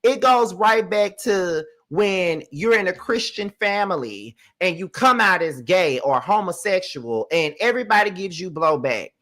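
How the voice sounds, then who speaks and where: A man hosting a commentary show, ranting fierily with profanity and rapid rhetorical questions, swinging between loud and soft. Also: high-pitched, animated.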